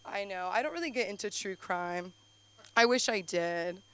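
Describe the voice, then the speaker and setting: A woman comic tells rambling stories at an open mic, breathless and full of "like." Her voice is bright and edged, and she speaks into a handheld stage mic. A faint hum runs underneath. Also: mid-range voice, brisk. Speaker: stand-up comic. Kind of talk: open-mic stand-up comedy. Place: comedy club stage. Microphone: handheld stage microphone.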